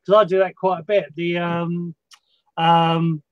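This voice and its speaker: A man's voice: fairly high pitch, little pitch movement, measured pace, smooth, no echo, dull audio. A man hosting a casual conversation, talking in a hesitant way with many restarts. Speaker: host.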